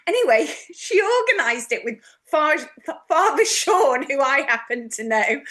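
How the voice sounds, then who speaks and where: A middle-aged woman from the UK chats merrily and laughs often as she tells a tale. Her voice sits high and swoops freely through a lively range. The tone is bright and ringing. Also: measured pace. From United Kingdom. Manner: jolly, animated storyteller who laughs often. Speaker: guest, past life regression therapist. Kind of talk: casual storytelling chat.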